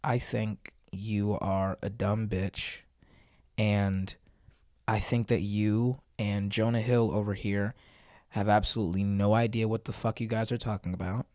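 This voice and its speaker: A man voicing an imagined calm man who tells a woman off in a flat monotone, coldly threatening. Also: on the low side, a little slow, dry recording, studio quality, lightly acted. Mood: calm menacing.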